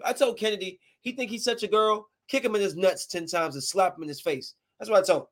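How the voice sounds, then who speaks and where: This thirties-aged mother talks quickly, barely pausing, her medium-pitched voice fairly bright. Addressing her viewers head-on, she delivers a heated personal story as a fiery, slang-heavy rant that stays emphatic and blunt throughout.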